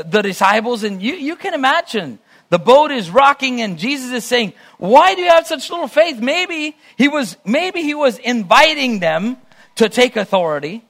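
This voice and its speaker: A man's voice: very high voice, a bit bright. A male preacher reading scripture aloud and musing on it with frequent restarts, in a sermon. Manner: reads scripture aloud, then muses in restarts. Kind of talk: sermon Bible teaching.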